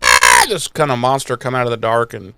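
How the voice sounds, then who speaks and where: Recapping an episode with his podcast co-host, a man talks a little fast in a medium-pitched voice, full of animation, jokes, profanity, and silly voices. The recording is dry.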